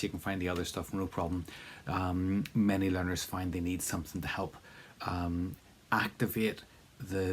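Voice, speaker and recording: A man teaching a spoken language lesson in a casual, encouraging way, with plenty of fillers and repeated drill prompts. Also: fairly low pitch.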